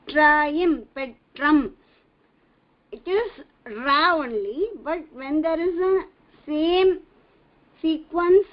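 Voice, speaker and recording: A woman leads an online reading class, breaking each word into syllables and repeating them with great patience. She talks very slowly, and the audio is dull and lo-fi, like a video-call recording. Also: sits high. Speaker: Tamil reading teacher. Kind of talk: slow online language lesson.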